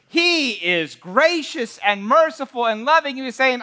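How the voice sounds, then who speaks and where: High, bright-voiced male preacher. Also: very animated, measured pace, hardly any pauses. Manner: earnest, emphatic preaching with vivid storytelling. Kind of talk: sermon.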